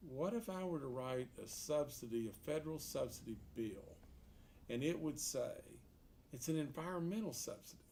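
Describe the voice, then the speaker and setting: Folksy man pitching big ideas. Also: animated, moderate pace, darkish tone, slight background noise. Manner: folksy, emphatic, repeats words, asks rhetorical questions. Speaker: political candidate answering an editorial board. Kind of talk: unscripted interview answer. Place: meeting room around a table.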